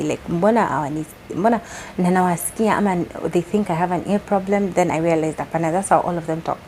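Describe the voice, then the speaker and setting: Soft-spoken Kenyan woman vlogging. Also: on the low side, slight background noise, low-quality recording. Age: young adult. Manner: chatty, switching between English and Sheng Swahili. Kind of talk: casual chat.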